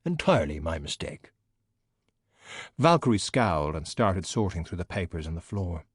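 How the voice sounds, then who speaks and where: A man narrating an audiobook with an expressive, animated reading. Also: lowish voice, no echo, studio quality. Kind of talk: scripted narration.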